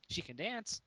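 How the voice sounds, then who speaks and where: A man co-hosting a casual review podcast, rambling with stumbles and restarts. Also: background noise. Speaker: podcast co-host.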